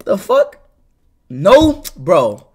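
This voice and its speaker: A young man live streaming, talking loudly and excitably to his chat and swearing often. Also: sits high, extremely slow, slightly rough. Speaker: livestreamer.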